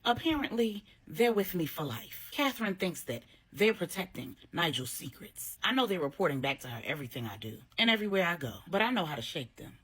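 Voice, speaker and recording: A woman's voice: fairly low pitch, very animated, fairly quick, few pauses, a bit bright, husky, full character voice. A woman reading the part of a spurned younger woman who speaks with bitter, sassy indignation.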